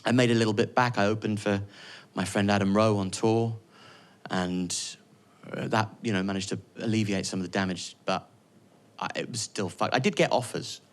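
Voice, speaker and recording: A man's voice: on the low side, steady tone, moderate pace. Sardonic male stand-up comic ranting. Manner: sardonic, swings from loud ranting to quiet confession. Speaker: stand-up comedian. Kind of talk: live stand-up comedy. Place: comedy venue stage with live audience.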